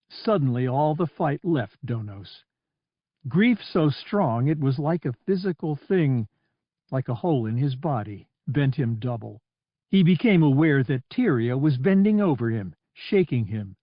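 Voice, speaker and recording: Lively, slow-paced male audiobook narrator. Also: mid-range voice, dry recording, highs cut off. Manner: expressive, vivid storytelling. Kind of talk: scripted narration.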